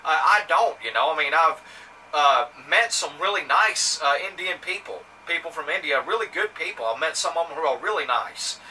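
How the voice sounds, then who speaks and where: Here the Southern-accented man from Mississippi talks at normal speed in a fairly high, expressive, bright and forceful voice. He's a vlogger telling a story to the camera, indignant and rambling, restarting often and using plenty of fillers. Faint ambient noise accompanies a somewhat distant mic.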